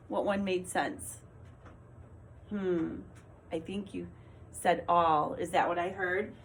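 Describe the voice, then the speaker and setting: A woman teacher giving a recorded lesson to young children, talking slowly and clearly as she writes and encourages them. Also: medium pitch, slight background noise. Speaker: kindergarten teacher.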